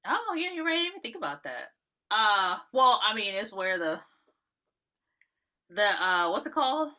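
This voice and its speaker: Woman podcast co-host, bright and punchy, loose profane storyteller. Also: mid-range voice, moderate pace. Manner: profane, animated storytelling, acting out characters' lines. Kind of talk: casual movie recap chat.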